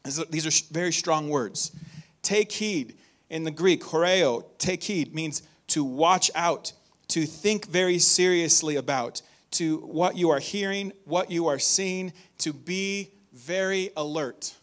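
Man, preacher, sermon, conversational, animated, fairly high-pitched, church. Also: a little slow. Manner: conversational, animated, acts out quoted warnings.

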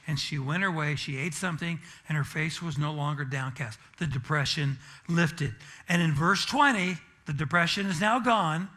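A man's voice: a little high, normal speed, few pauses, bright, forceful tone. A pastor preaching a sermon in church and telling a self-deprecating, humorous story about his family.

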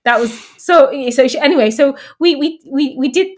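An Englishwoman in her thirties, appearing as a guest in a casual conversation, tells stories with a high-pitched voice at a moderate pace. She's an animated storyteller who performs the voices of the people she quotes.

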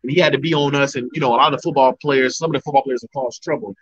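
A young man, a mixed martial arts fighter, telling animated stories about his old coaches in a casual interview. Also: mid-range voice, rapid-fire, muffled recording. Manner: animated storyteller, acts out his coaches' lines. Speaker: MMA heavyweight fighter, guest.

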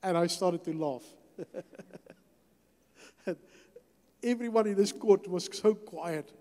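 An older man tells his testimony in a church hall and acts out every exchange as he goes. His voice sits a touch high for a man but sounds mellow and unforced. A long reverb trails behind each phrase. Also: normal speed. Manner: storytelling, acts out dialogue. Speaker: guest speaker. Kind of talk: testimony sermon.

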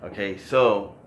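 A man's voice: lowish voice, roomy sound, a little hiss or hum, poor audio. A man giving an informal, earnest talk on scripture, rambling with many restarts and emotional, close to tears. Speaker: online religious talk host.

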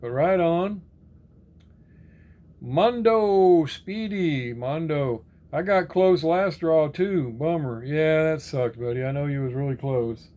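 A man chats in a relaxed, rambling way, reading out names and comments and replying to each. His voice sits a little on the high side. He keeps tossing in easygoing, friendly sign-offs. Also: slow. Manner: laid-back, rambling, reads comment names then answers; repeats friendly sign-offs like "right on, brother". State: sore arm and shoulder. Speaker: diecast collector reading viewer comments. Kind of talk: casual chat.

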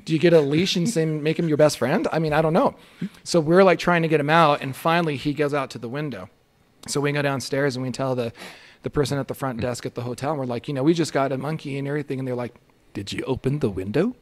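A man telling a story as a podcast guest in a casual, excitable way. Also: fairly high pitch, fast talker.

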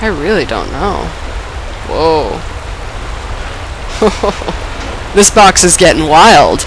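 A woman playing through a game while sick, her dry-coughing illness pushing her voice down and roughening it. She talks slowly but swings her pitch wildly, bursting into cheers, curses and laughs at her own failures. Steady noise sits under the recording. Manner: excitable, swears and laughs often, self-mocking. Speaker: let's play gamer. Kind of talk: casual gameplay commentary.

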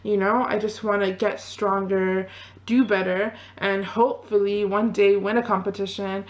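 A woman's voice: mid-range voice, little pitch movement, normal speed. A woman in her twenties chatting casually to camera as a fitness vlogger, rambling loosely with lots of fillers. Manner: rambling, loose, full of "you know" and "like". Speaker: fitness vlogger and pole dancer.

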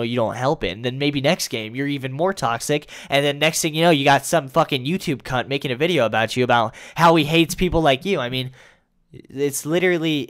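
A young male YouTuber riffing in crude, sarcastic commentary at a middle pitch. He swears freely and bursts into loud mock voices. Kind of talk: comedic commentary.

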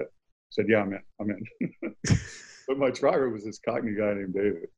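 A man's voice: fairly low pitch, normal speed, a little mellow, slightly rough, dull audio. An older American man, a guest author, chatting casually in an interview and telling anecdotes with easy laughs. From United States. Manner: laughs easily, anecdotal storytelling.

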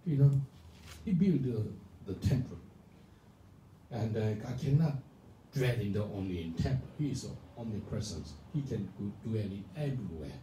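A male pastor preaching a sermon, emphatic and animated, often asking the congregation whether they understand. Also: fairly low pitch, normal speed. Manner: animated, emphatic, calls for responses. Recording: echoey room from far off, faint noise.

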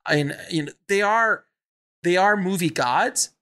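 A man hosting a podcast interview, talking in animated, restarting bursts and laughing often. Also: high-pitched, measured pace. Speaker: podcast host. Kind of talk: casual interview chat.

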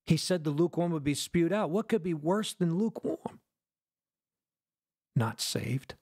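A man preaching a fervent sermon, firing rhetorical questions at his listeners and swinging between loud declarations and hushed lines. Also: a little high, animated, measured pace, vocal fry. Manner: asks the audience rhetorical questions.

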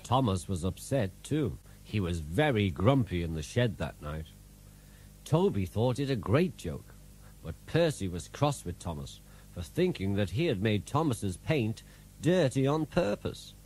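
A man narrating a children's storybook in an expressive, animated way, with music behind. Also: lowish voice, measured pace, slightly rough.

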